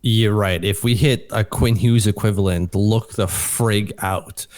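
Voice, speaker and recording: A man co-hosting a hockey podcast, excitable and casual, often restarting his sentences and swearing now and then. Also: lowish voice, measured pace, dry recording, studio quality. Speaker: podcast co-host.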